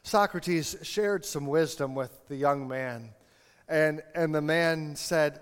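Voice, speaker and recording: A man's voice: a little high, takes it slowly, smooth. A male pastor preaching a sermon, telling a story and building to impassioned appeals. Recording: long hall reverb, faint music.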